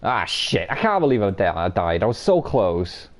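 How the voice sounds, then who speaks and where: A man's voice: lowish voice, big pitch swings, normal speed. Swearing, bantering male game streamer. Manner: banter-filled, swears freely, teases chat. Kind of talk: live gameplay commentary chatting with viewers.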